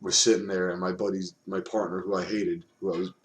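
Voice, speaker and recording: A man's voice: low-pitched, level tone, brisk. A man casually recounting grim work stories on a podcast, blunt and profane. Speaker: podcast host, former officer. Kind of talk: casual storytelling chat.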